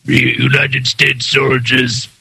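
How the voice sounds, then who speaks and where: A man doing an impression of a menacing old statesman in a gravelly, throaty voice. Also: medium pitch, flat delivery, takes it slowly, sharp tone, no echo, pitched below the performer's own voice, heavily acted. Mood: ominous.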